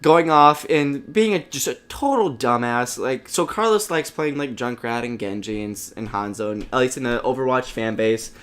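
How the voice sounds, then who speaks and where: A young man co-hosting a casual gaming podcast, with a voice of middling pitch. He tells stories in a rambling way, restarts often and acts out the people he quotes. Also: normal speed, few pauses, a bit bright. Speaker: podcast co-host.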